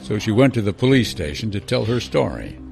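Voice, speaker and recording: A man narrates a true-crime story with a gravelly, creaky voice that rises and falls with lively pitch. His delivery is measured and dramatic, and soft music plays underneath. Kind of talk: scripted narration.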